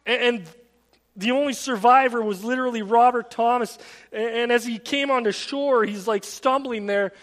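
High-voiced man preaching in an echoing hall. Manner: conversational, earnest storytelling preacher. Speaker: pastor. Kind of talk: sermon. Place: church sanctuary. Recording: long reverb of a large hall.

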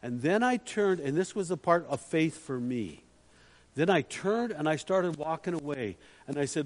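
A man's voice: fairly high pitch, expressive, moderate pace. A man preaching a storytelling sermon in a chatty way, putting questions to the listeners. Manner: chatty, asks the audience questions. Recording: long hall reverb.

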